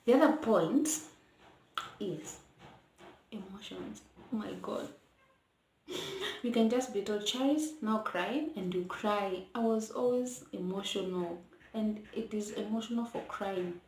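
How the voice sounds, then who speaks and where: A young woman with a Kenyan accent chats through a casual storytime vlog, slipping between English and Swahili. She talks at a medium pitch and sometimes keeps her voice low so the baby won't wake. The home bedroom gives an echoey sound with a faint hiss underneath. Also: a little slow, pauses often. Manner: chatty, mixes English with Swahili; hushed at times to let baby sleep. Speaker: vlogger. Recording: roomy echo, faint noise.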